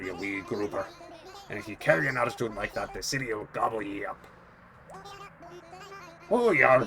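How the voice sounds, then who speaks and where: A woman playing a gruff old sea captain. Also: extremely low pitch, voice pushed down. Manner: salty sailor talk full of yars and fish names. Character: gruff old seafaring male bus captain.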